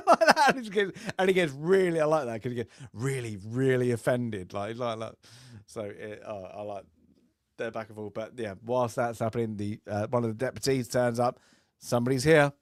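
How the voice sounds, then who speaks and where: A man's voice: medium pitch, moderate pace, no echo, clean studio sound. Rambling man recapping a film. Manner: rambling, many fillers, acts out film lines with laughs. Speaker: film review podcast host. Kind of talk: casual film discussion.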